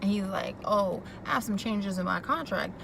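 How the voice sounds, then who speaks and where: A woman's voice: medium pitch, moderate pace, vocal fry, background noise. Sassy woman recapping a TV episode. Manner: animated, quoting characters and reacting with sass. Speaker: TV recap vlogger. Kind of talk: casual chat recapping a TV episode.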